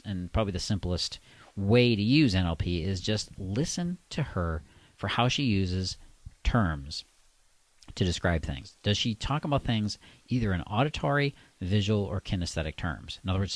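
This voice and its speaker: A man coaching, speaking slowly and deliberately in a deep, resonant voice with long pauses. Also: dry recording. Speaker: dating coach. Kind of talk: instructional monologue.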